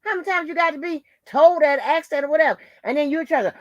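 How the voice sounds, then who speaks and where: She talks fast with hardly a pause, her high voice firing off taunts and insults in a furious, swear-heavy rant on her own channel. The audio is dull, with no echo.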